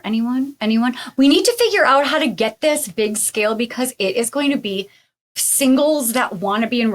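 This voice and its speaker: A woman co-hosting a podcast as a therapist, chatting in a bubbly, enthusiastic way and quick to chime in. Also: mid-range voice. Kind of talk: casual podcast chat. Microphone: remote call setup.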